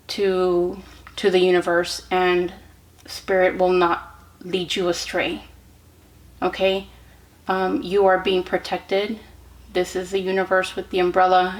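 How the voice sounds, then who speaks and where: Gentle, encouraging woman tarot reader. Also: lowish voice, level tone, takes it slowly, pauses often, poor audio. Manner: gentle and encouraging, many ums and restarts; speaks directly to the viewer with frequent "okay?". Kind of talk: pick-a-card tarot reading to camera.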